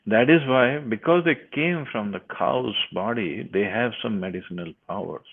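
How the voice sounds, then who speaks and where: Low gravelly male teacher reading and explaining scripture over a tinny, phone-like line. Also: normal speed. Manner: reads verses, then explains with restarts. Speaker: class speaker reading scripture. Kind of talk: scripture class.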